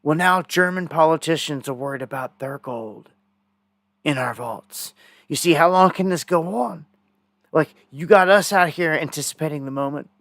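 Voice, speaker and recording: An indignant man talking through a live news stream in a loose, rambling, conspiratorial way. His voice sits a bit higher than most men's. The sound is dry and close, with no room around it. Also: moderate pace, a bit bright, no echo.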